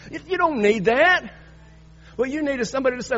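A man preaching a sermon, swinging between loud emphatic bursts and quiet earnest passages. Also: very high-pitched, animated, fairly quick, long pauses, dull audio. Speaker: pastor.

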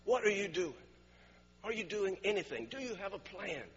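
Guy with a high bright voice preaching, keeps laughing mid story, lo-fi churchy echo. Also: animated, normal speed, husky. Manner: storytelling, laughs often, repeats words. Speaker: pastor. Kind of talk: sermon.

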